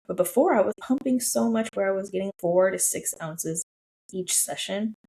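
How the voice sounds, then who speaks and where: A woman's voice: mid-range voice, moderate pace, dark tone, rough recording. A woman in her thirties hosting a solo podcast, telling a personal story in an emotional, gushing, casual way. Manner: emotional, gushing, with lots of "I was like". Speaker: podcast host.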